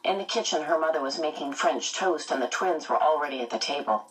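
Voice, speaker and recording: A woman reads a novel aloud with measured, even storytelling. Her voice sits on the lower side. The microphone is placed slightly away, giving a touch of distance. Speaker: audiobook reader. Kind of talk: scripted narration.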